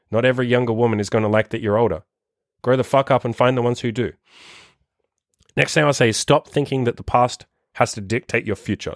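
Fast-talking profane man in his thirties. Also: mid-range voice, dry recording, studio quality. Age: 30s. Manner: profane, forceful, rambling. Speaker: dating coach podcast host. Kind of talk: blunt motivational monologue.

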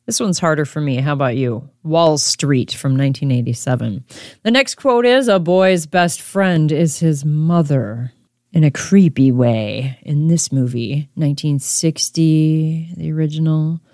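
A woman's voice: sits low, lively intonation, moderate pace, mellow, dry recording, studio quality. A woman hosting a casual quiz podcast, chatting straight to the listener. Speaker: podcast host.

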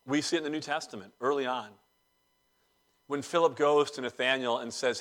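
A man preaching a sermon as pastor of a church, conversational with dry humor and pauses. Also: medium pitch, steady tone, fairly bright tone.

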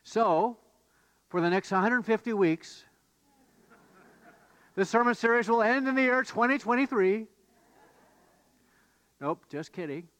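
A man's voice: sits high, slow pace, pauses often, smooth. Man preaching a sermon. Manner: conversational, with fillers and restarts, animated when voicing the disciples. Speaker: pastor.

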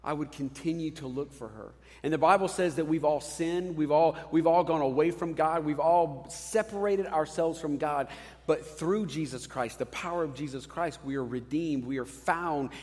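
A man in his thirties, a pastor, preaching a sermon in a conversational, animated way with casual asides. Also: on the high side, moderate pace, big-room sound.

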